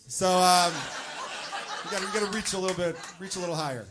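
Self-mocking stand-up comedian, live crowd. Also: male voice, high-pitched, steady tone, quick pace, noisy background. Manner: self-mocking, punchy storytelling. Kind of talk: stand-up routine. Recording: live club audience audible.

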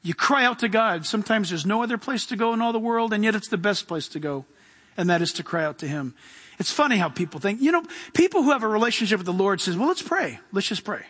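A man preaching a sermon as pastor, animated, swinging from loud outbursts to hushed quiet. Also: high-pitched, fast, in a large hall.

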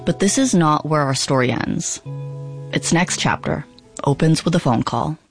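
A podcast host narrating a documentary script in a measured way and asking the guest probing questions. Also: mid-range voice, lively intonation, creaky, over music.

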